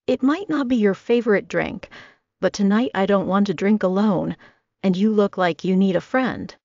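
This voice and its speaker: A woman reading an audiobook voices a tender, caring young man who talks in a soft, confiding way. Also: medium pitch, normal speed, dry recording, natural voice. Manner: gentle, hushed and confiding. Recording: dull lo-fi dry recording.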